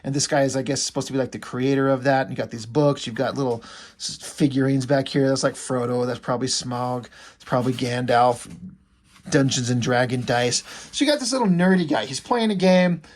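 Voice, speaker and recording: A man's voice: medium pitch, brisk. A man talking casually and with enthusiasm as he reviews a comic, rambling a little and using lots of fillers.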